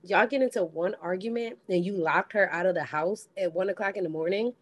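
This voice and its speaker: A woman co-hosting a podcast, retelling a reality show in casual chat, blunt and animated with cursing. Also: on the low side, a little fast, no room sound. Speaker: podcast co-host.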